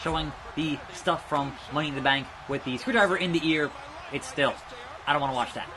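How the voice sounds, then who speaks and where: A young man giving rambling let's play commentary, chatting about wrestling news and reacting loudly to the game as he plays. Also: fairly high pitch, brisk, noisy background. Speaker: gaming YouTuber.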